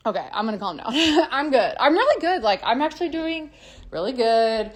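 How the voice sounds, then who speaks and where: A woman musician telling her own story in a confessional monologue, swearing freely and swinging between loud angry bursts and quieter stretches. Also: high voice, very animated, moderate pace.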